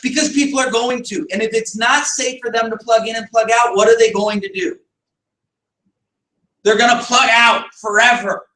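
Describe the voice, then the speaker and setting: A man with a very high, bright and forceful voice leads a team meeting in an echoey room, heard from some distance away. He pushes his points hard, asks rhetorical questions and answers them himself, and now and then raises his voice. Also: steady tone, normal speed. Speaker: business team leader. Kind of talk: motivational team meeting talk.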